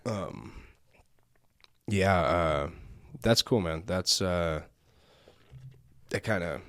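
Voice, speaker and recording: Young male podcast host with a very low voice, dry and close on the mic; loose, rambling, profane chat. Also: very slow, fairly bright tone, no room sound. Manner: rambling, swears often, many fillers. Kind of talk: casual chat.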